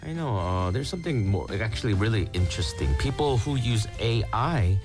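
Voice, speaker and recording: A man hosting a radio English show in easygoing banter, his voice low but moving freely up and down. Music plays clearly beneath him the whole time. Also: expressive, brisk. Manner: easygoing, joking, mixes in Korean. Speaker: radio host. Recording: clear music bed under voice.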